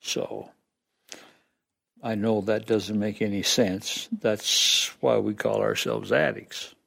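A man's voice: on the low side, fairly even intonation, slow, vocal fry, a bit bright. A man sharing his story at a recovery meeting, plainspoken and self-deprecating about his past. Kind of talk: personal testimony.

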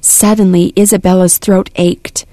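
A woman narrating a storybook in an even, measured reading voice. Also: lowish voice, no echo. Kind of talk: storybook read-aloud narration.

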